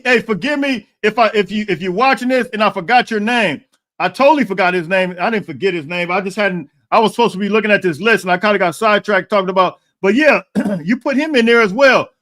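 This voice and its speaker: A man with a high-pitched voice hosts a live stream in loose, casual chat. He stumbles and restarts phrases often, breaking them up with throat clearing and the odd cough. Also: fairly bright tone. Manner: restarts and repeats words, reads out viewer comments. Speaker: podcast host.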